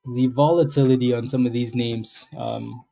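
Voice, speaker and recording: Mellow-voiced man hosting a trading livestream. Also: medium pitch, steady tone, normal speed, vocal fry, faint music behind. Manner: rambling, keeps asking "right?", repeats himself. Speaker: stock trading livestream host. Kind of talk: casual live market commentary.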